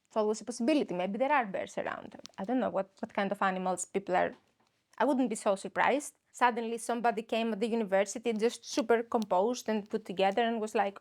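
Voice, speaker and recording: Woman, young adult, somewhat high voice, rambling comic monologue, self-mocking, laughs a lot. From Greece. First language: Greek. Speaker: comedian podcast host. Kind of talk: comedic monologue.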